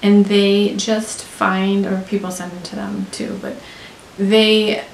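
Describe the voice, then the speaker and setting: A woman's voice: mid-range voice, level tone, slow. A young American woman chatting in a gushing, talkative way, full of "like", as a beauty vlogger. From United States. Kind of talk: casual chat. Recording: roomy with faint hiss.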